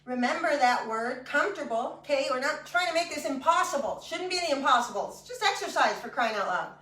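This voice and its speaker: This fitness instructor talks quickly in a high-pitched, expressive voice with a sharp tone, walking a class through exercises step by step and joking along the way. The room is echoey and the mic is far off.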